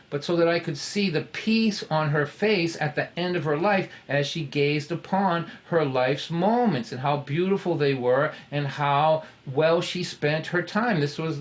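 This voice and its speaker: A man telling a personal story in a conversational, halting way, with self-deprecating humor. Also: on the high side.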